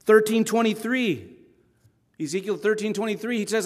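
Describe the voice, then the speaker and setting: A man preaching a sermon dramatically, dropping to a hush and then rising loud, and arguing with imagined listeners. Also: high voice, expressive, normal speed. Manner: dramatic, swings between hushed and loud. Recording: long hall reverb.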